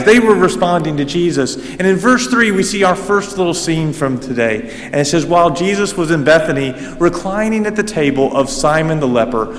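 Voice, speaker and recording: A man preaching a sermon in a church, animated and emphatic, with frequent restarts, speaking into a microphone. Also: a little high, long reverb tail. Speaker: pastor. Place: church sanctuary. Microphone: handheld or stand microphone.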